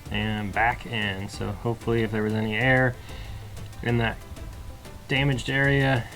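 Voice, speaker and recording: A man casually talking through a do-it-yourself car repair, relaxed and self-deprecating, with plenty of fillers. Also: medium pitch, measured pace, faint music behind. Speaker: DIY vlogger. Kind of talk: casual how-to narration.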